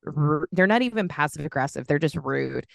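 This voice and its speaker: A woman from California co-hosts a podcast, her low voice with a gravelly edge. She tells animated, chatty anecdotes. The sound is close and dry. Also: normal speed, no room sound. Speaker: podcast co-host. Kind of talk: casual chat, storytelling.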